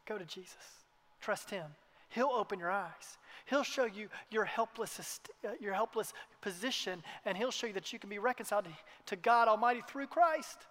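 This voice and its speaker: A man preaching a sermon to his congregation in a church, earnest, sometimes dropping to a hushed tone for emphasis. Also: sits high, normal speed. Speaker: pastor. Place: church hall. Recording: long hall reverb.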